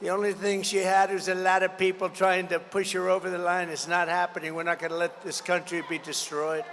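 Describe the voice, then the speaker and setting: A man in his seventies gives a combative rally speech, piling up repeated phrases and jabs. His voice sits high and sounds sharp and forceful. It rings out with a long reverb through a big hall, with a faint hiss underneath. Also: level tone, brisk. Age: 70s. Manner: combative, repetitive, riffing off the crowd. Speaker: political candidate. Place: large indoor expo hall.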